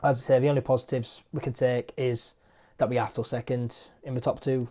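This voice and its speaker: Frustrated football fan, mellow voice. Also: male voice, mid-range voice, level tone, fairly quick. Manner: frustrated, repeats points for emphasis. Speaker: football fan channel host. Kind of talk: match review vlog.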